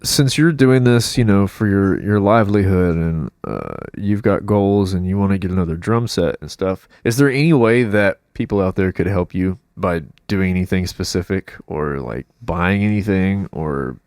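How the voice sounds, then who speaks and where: Male podcast host, lowish voice, very lively intonation, laughs easily, dry studio mic. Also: moderate pace, hardly any pauses, no echo. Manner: easygoing, laughs often, jumps in with playful voices. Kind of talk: casual chat.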